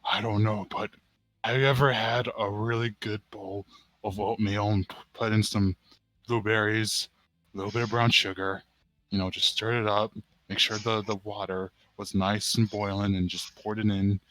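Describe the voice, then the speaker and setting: A dreamy male adventurer, played by a man at a game table, in whispered role-play. He rambles softly, drifts off topic and speaks in a hushed, bright tone. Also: on the low side, flat delivery, moderate pace, no room sound, close to an everyday voice, low-quality recording. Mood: rambling.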